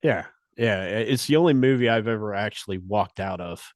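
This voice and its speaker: Low-voiced man in dry casual chat. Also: expressive, fairly quick, no echo. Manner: easygoing, lots of "you know" and restarts. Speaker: podcast guest.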